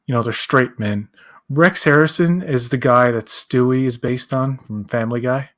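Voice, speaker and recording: A man's voice: medium pitch, normal speed, fairly bright tone. A man co-hosting a live pop-culture chat, rambling, acting out quotes and searching aloud for names. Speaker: co-host. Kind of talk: casual chat.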